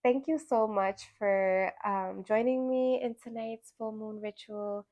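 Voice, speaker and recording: A woman's voice: medium pitch, slow pace, muffled recording. A woman with a middle-range voice leads a full moon ritual in a casual, reflective tone. She talks loosely, with plenty of "like" and "right?", and livens up when she tells a story. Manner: conversational, many fillers and tag questions; animated storytelling with acted-out quotes. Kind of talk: casual reflective spiritual talk.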